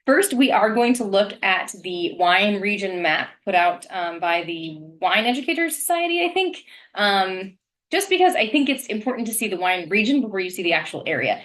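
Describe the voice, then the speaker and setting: A woman presenting a casual wine lesson in a chatty, rambling way, often pausing on "um" fillers. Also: medium pitch, a bit bright.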